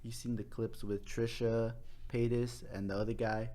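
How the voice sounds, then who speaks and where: A man's voice: medium pitch, moderate pace. Young man telling a rowdy story. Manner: animated, profane, quotes people in funny voices. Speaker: podcast guest. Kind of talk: casual storytelling chat.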